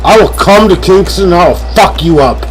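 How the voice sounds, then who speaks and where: A man streaming a strategy game live, ranting, swearing and yelling at an in-game character. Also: high voice, moderate pace, soft background music, low-quality recording. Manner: yells and swears at an in-game advisor; hotheaded, profane, joking rants.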